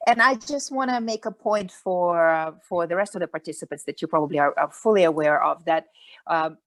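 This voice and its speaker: A woman speaks up during an online seminar, polite and fluent. Her voice is low for a woman, and it is dry and close, with no room sound. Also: a little fast, no room sound. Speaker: seminar participant.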